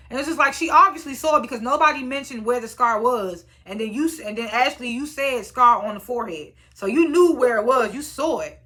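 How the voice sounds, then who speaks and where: A woman's voice: a little high, a little fast. A young woman casually recapping a reality show, blunt and profane, acting out what the cast said. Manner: animated, blunt and profane, acts out quotes.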